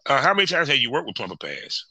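A man hosting a podcast in a relaxed, chummy way, often repeating his phrases and reading sponsor spots. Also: medium pitch, quick pace, no room sound, rough recording. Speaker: podcast host. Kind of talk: casual podcast chat and sponsor reads.

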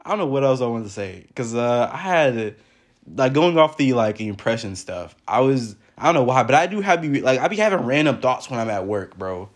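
Young male podcast host, animated pitch, rambling slangy delivery, casual and unscripted. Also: moderate pace. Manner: rambling, loose slangy talk, laughs often. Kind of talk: casual solo podcast monologue.

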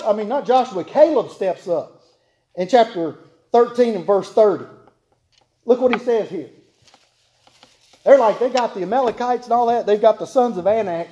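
High-voiced folksy preacher, a man. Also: warm tone. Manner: homespun, joking, repeats key phrases for emphasis. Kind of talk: folksy sermon to a congregation.

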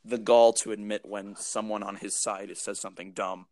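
A young man co-hosting a casual podcast, talking in halting, rambling bursts with many restarts. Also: on the low side, level tone, a little mellow, no echo. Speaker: podcast co-host. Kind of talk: casual chat.

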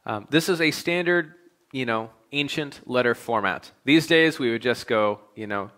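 A young adult man, a pastor, preaching a sermon in a relaxed, conversational storytelling way. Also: mid-range voice, normal speed. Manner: conversational storytelling, animated when quoting himself.

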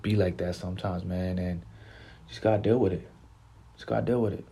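A man's voice: deep voice, fairly even intonation, fairly quick, vocal fry, dark tone, slight background noise. A man hosting a casual sports podcast, laid-back and slangy, often repeating himself. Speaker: podcast host.

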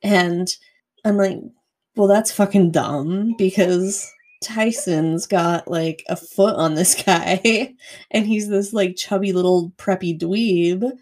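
A young woman co-hosting a podcast, telling a story in a casual, profane, animated way full of "like". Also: fairly low pitch, slow. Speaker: podcast co-host.

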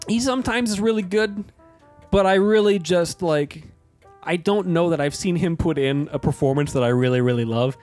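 An American man co-hosting a podcast, chatting casually about movies with rambling, deadpan jokes. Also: fairly high pitch, moderate pace, soft background music. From United States. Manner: joking, rambling, deadpan asides. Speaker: podcast co-host.

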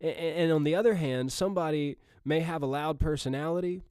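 A man's voice: a little high, a little fast, a little mellow, clean tone, dry recording, studio quality. A man with a Southern Missouri accent, hosting a podcast and preaching in a casual, earnest way full of fillers and restarts.

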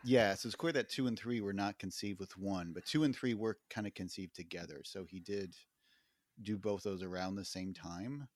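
A man with a low voice who lays out facts in a measured, slightly hesitant way during casual film talk. His voice is recorded dry and close. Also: dry recording. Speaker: podcast co-host.

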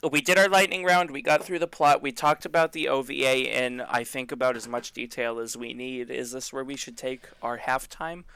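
Casting note: young male podcast co-host, crisp and bright, dry close sound, joking recap style. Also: medium pitch, steady tone, no echo. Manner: joking, talks fast when recapping. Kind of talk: casual chat.

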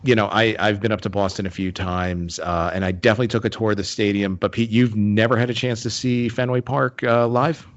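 Casting: low-pitched man, casual chat host, loose and rambling, dull lo-fi recording. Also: steady tone, brisk, few pauses. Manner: rambling with many fillers and restarts.

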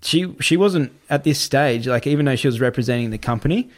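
A man, a podcast guest telling a story in a casual, animated way, often swearing and repeating himself. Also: medium pitch, fairly quick. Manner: animated, repetitive, swears freely.

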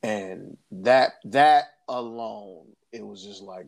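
A man chats on his podcast in a low, gravelly voice full of vocal fry. He tells a family story earnestly, with frequent restarts and repeated phrases. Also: slow, few pauses. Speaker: podcast co-host. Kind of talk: casual podcast chat.

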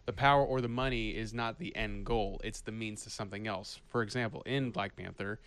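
A man co-hosting a podcast in casual chat, animated and often restarting his sentences. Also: on the low side, brisk, clear, resonant tone, dry recording. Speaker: podcast co-host.

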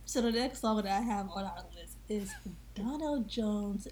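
A woman co-hosting a podcast in casual chat about music, animated, laughing often and acting out quotes. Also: mid-range voice, unhurried. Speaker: podcast co-host.

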